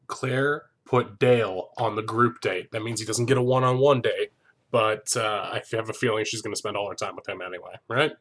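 A man hosting a comedic TV recap, talking in a sarcastic, profane way with deadpan asides. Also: lowish voice, moderate pace.

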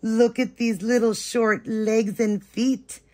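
A woman vlogger chatting excitedly to her viewers while unboxing, gushing with drawn-out exclamations. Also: fairly high pitch. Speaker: reborn doll vlogger.

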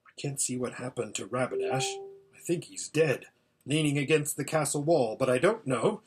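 A man voicing an old hermit who calls out a distant battle as he watches it, in a steady, hushed running report. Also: medium pitch, moderate pace, music in the background, natural voice. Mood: intent.

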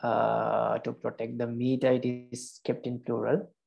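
A man teaching meter in an online class, explaining slowly and repeating his terms. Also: mid-range voice, monotone, creaky, darkish tone, muffled recording. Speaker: Pali teacher.

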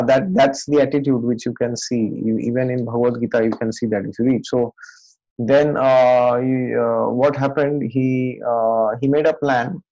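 A man's voice: mid-range voice, darkish tone, no echo. A man, a spiritual teacher, retelling scripture as a story in a conversational way, often checking in with "okay?", on a dull lo-fi recording. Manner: conversational, many fillers and "okay?" tags.

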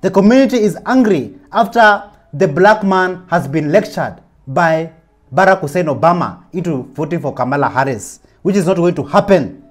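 A man's voice: high voice, animated, moderate pace. A man hosting a video channel, giving indignant opinion commentary. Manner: indignant, preachy. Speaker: channel host.

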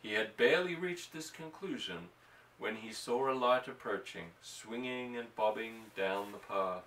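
A man reading a novel aloud in an even, unhurried narration. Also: fairly low pitch, slight background noise. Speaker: audiobook reader. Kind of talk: measured story narration. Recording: roomy, distant mic.

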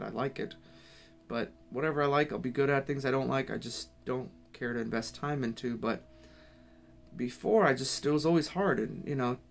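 A man's voice: mid-range voice, gravelly. A man giving an earnest, rambling personal faith testimony, often restarting his sentences. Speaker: Christian speaker.

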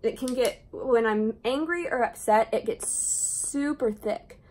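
A woman's voice: fairly high pitch, a little slow, a little mellow, a little hiss or hum. Chatty Southern-accented young woman. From Southern Indiana, USA. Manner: chatty, rambling, frequent laughs and asides. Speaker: beauty vlogger. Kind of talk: casual chat while doing makeup. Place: indoors at home, doing makeup.

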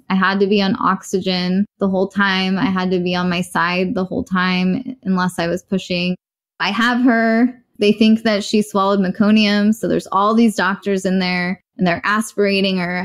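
A woman's voice: mid-range voice, steady tone, normal speed. A young adult woman in a podcast interview, telling a personal story candidly and bluntly, acting out what others said. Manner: candid, blunt, acts out quoted voices.

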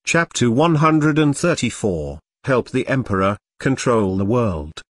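Steady male audiobook narrator, dry sound. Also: medium pitch, unhurried, hardly any pauses, no room sound. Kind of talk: scripted narration.

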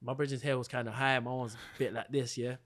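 A young British man, telling a story as a podcast guest in slangy, animated chat and laughing often. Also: mid-range voice, fast. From Britain. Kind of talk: casual storytelling.

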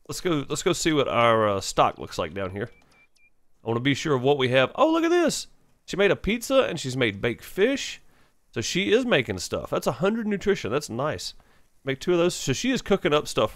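A man's voice: mid-range voice, a bit bright, no echo. Male gaming host, casual let's-play commentary, rambling, fillers, close dry mic. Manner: rambling, thinking aloud with frequent fillers.

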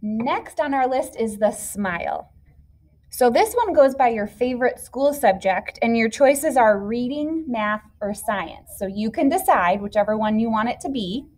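A woman's voice: on the high side, expressive, a little slow, a little mellow. A woman teacher patiently explaining a classroom activity step by step to young children. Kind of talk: classroom instruction video.

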